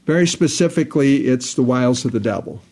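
A man's voice: mid-range voice, lively intonation, fast talker, darkish tone, breathy edge. A man preaching a sermon, stressing points by restating phrases over and over. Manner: repetitive, emphatic, restates phrases.

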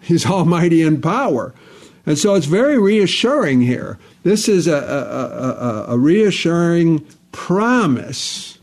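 A man's voice: fairly high pitch, very animated, slow pace. A man preaching a sermon, stressing points by restating phrases over and over. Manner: repetitive, emphatic, restates phrases.

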